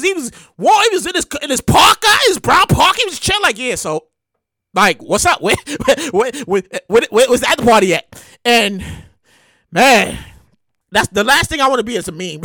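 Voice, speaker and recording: A man giving excitable, slangy, casual commentary, often loud and drawn out on exclamations. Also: extremely high pitch, no room sound.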